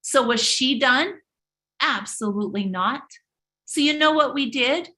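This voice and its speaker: A woman's voice: high-pitched, unhurried, sharp tone. A woman hosting a live motivational talk, speaking emphatically and preachily, often repeating and restarting her words. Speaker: host of a live motivational stream.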